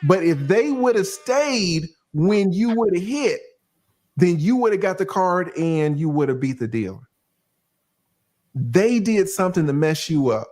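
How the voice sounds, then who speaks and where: Animated profane livestream host man. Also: high voice, measured pace. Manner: animated, profane, reads out chat shout-outs. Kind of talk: casual livestream commentary.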